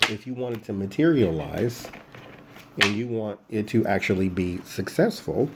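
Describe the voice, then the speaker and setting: A man's voice: on the low side, noisy background. A man giving a casual tarot reading, talking bluntly and directly to a person who is not there. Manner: blunt, speaks straight to an absent person. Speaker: tarot reader.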